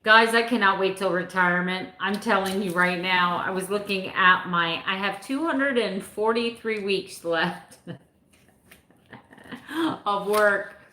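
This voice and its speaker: A woman's voice: medium pitch, fairly even intonation, unhurried, sharp tone. A woman in her fifties chatting casually with her live viewers, rambling a little and laughing often. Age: 50s. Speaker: vlogger answering live chat. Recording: echoey room.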